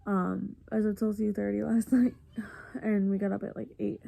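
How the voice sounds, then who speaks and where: Tired, gravelly-voiced woman vlogger, earnest. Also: mid-range voice, flat delivery, a little slow, warm tone. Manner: earnest, confiding. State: tired and congested. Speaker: family vlogger. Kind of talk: casual personal talk to camera.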